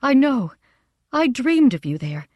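A woman doing an excitable high-voiced queen. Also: dry recording, clean studio sound, heavily acted. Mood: overjoyed. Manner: high, rushed, exclaiming. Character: excitable queen mother, breathless and eager. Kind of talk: audiobook character voice.

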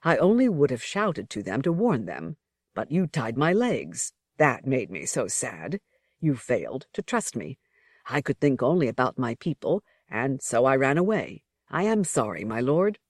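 A reader voicing a deferential male servant who acts as a guide, speaking calmly and politely. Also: mid-range voice, measured pace, dry recording, clean studio sound. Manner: calm, polite, explaining.

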